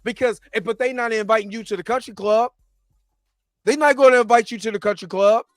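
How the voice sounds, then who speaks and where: Brief: male reaction host, high voice, dry close sound, impassioned ranting delivery with stumbles and restarts. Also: a little fast, no room sound. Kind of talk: heated reaction commentary.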